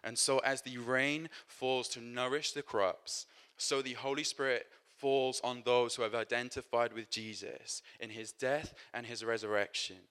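A man's voice: medium pitch, steady tone, measured pace, fairly bright tone, smooth. Casual man preaching a sermon. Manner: conversational, with frequent fillers and restarts.

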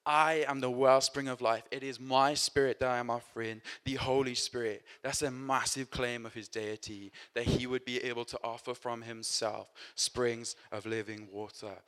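A man delivering a sermon to his church. He speaks in an easygoing, conversational way, often pausing on fillers and restarting his sentences. His voice sits at an ordinary middle pitch. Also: steady tone, fairly bright tone. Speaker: preacher.

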